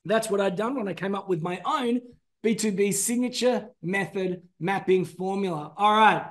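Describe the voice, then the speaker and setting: Brief: male trainer, high voice, emphatic masterclass delivery. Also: moderate pace. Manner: energetic, emphatic, calls out names to the audience. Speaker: business trainer. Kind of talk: masterclass presentation.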